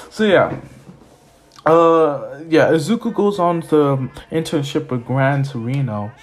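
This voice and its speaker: A man's voice: a little high, lively intonation, slow pace. A young man casually retelling a made-up fan story in a rambling way, full of fillers and little laughs.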